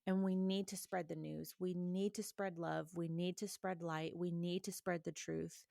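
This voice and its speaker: A woman's voice: on the low side, little pitch movement, normal speed, gravelly, few pauses, mellow, dry recording, studio quality. A woman giving an earnest, encouraging faith reflection, urging listeners directly. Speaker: Christian podcast host.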